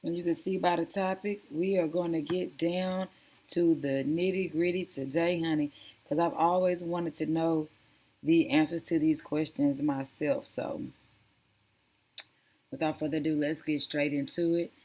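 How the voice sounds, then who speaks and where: A woman's voice: low-pitched, fairly even intonation, unhurried, dark tone. A woman hosting a casual reaction commentary, chatty and sassy, calling viewers honey and girl. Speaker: commentary channel host.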